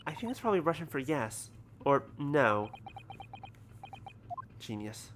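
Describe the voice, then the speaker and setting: A man's voice: a little high, very animated, unhurried, fairly bright tone. Casual streamer guy reading game text, jokey, swears a bit, noisy background. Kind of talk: let's-play commentary and reading game dialogue aloud. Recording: background noise from home stream setup.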